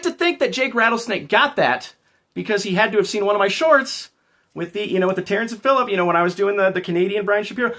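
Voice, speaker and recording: A man's voice: high voice, animated, fast talker, sharp tone. A man hosting a casual livestream, rambling and joking as he talks back to his chat. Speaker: livestream host.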